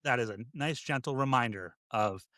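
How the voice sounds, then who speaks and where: Halting, reflective fire chief. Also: male voice, medium pitch, a bit bright, dry recording, studio quality. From United States. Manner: halting and reflective, many restarts. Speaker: deputy fire chief, podcast guest. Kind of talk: casual podcast conversation.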